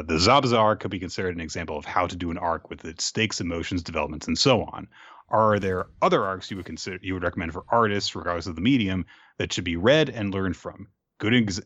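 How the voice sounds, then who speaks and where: A man co-hosting a podcast in casual chat, reading listener questions with relaxed, dry humor. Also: deep voice, no echo. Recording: dull lo-fi mic, dry.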